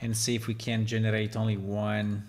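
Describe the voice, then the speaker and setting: A man's voice: fairly low pitch, completely flat delivery, moderate pace. Man thinking aloud as he tests game lines. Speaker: game developer. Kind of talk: casual live-stream commentary.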